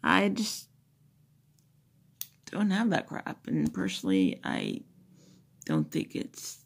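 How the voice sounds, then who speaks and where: A woman's voice: low-pitched, huge pitch swings, slow, creaky, slightly rough. A woman vlogger chatting loosely to her phone camera, rambling with many fillers and asides. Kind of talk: casual chat to a phone camera.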